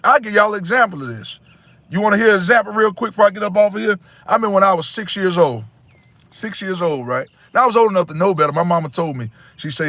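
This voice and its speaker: A man's voice: high-pitched, lively intonation, quick pace, fairly bright tone, no echo. A man hosting a casual livestream, talking bluntly and repeating himself as he lectures his viewers. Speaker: livestream host.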